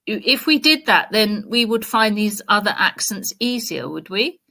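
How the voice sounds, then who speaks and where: English woman, bright clear voice, earnest, reflective, musing. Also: medium pitch, sing-song, a little slow. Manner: reflective, earnest, talks at length. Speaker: guest. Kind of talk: casual chat.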